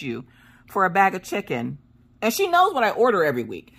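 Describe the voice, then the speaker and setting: Animated woman telling chatty stories. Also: mid-range voice, a little fast, vocal fry. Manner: animated storyteller, laughs often, acts out dialogue. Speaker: crafting vlogger. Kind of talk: casual chat.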